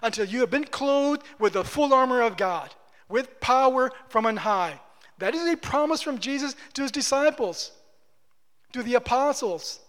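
High-voiced preacher in an echoing hall. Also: male voice, animated, normal speed, a bit bright. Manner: emphatic, repeats phrases for stress. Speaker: pastor. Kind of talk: sermon. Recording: long hall reverb.

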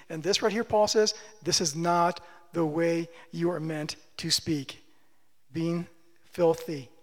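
A male preacher giving an emphatic sermon, repeating his phrases and putting questions to the congregation. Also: high-pitched. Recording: long reverb of a large hall.

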